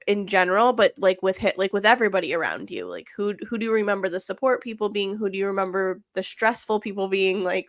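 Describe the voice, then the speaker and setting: Woman host, mid-pitched, dry close mic, chatty interviewer, lots of "like". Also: vocal fry, no room sound. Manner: chatty, many fillers, leading questions. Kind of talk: casual interview chat.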